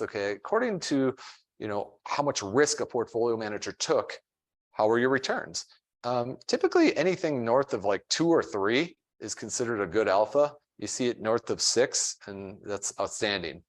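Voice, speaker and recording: A man presenting a fund at a seminar, explaining investment terms in a plain, step-by-step way with casual fillers. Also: lowish voice. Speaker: financial advisor presenting a fund.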